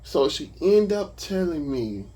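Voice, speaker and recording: Talking to the camera telling a personal story, guy with a husky voice who swings his pitch a lot, loose and cussing. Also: unhurried. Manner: animated, profane, conversational. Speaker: vlogger. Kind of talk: casual storytelling.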